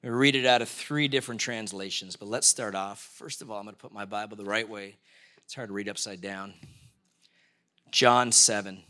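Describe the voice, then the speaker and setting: A man's voice: fairly low pitch, steady tone, normal speed, pushed and bright. A man preaching a conversational sermon in a live-streamed church service, often asking the congregation questions. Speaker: pastor.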